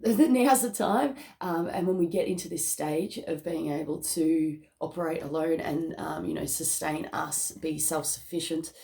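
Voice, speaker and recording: A woman talks through a tarot reading in a loose, chatty way, with lots of fillers and frequent laughs. Her voice sits a little low and has a gravelly, fry-laden edge. She is casual and emotional. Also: flat delivery, normal speed, hardly any pauses, dark tone. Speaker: tarot card reader. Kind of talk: casual spiritual reading to camera.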